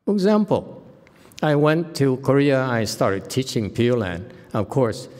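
A man speaking as a Buddhist monk in an informal dharma talk, blunt and scolding, with flashes of sharp indignation. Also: mid-range voice, sing-song, a little slow, long reverb tail.

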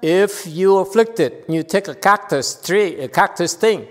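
A man's voice: high voice, lively intonation, a little slow, in a large hall. A man giving a spiritual teaching to a congregation, playful and full of rhetorical questions and repeated phrases. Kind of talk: dharma talk to a congregation.

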